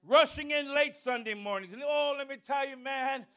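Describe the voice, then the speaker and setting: A male pastor preaching a sermon, calling on the congregation and rising to shouts. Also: extremely high pitch, normal speed.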